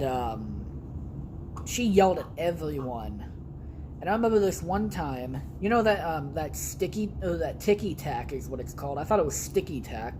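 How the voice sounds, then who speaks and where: A young man hosts a podcast from his home basement, rambling through casual stories in a monologue laced with blunt, heavy swearing. His voice is a little high, and the background is noisy.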